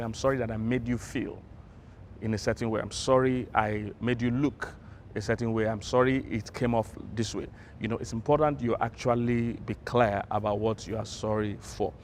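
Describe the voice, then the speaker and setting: A man's voice: lowish voice, a little hiss or hum. A man presenting relationship advice to viewers, emphatic and repetitive, coaching them to practice. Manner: emphatic, repeats points, prompts viewers to practice. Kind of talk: advice talk to camera.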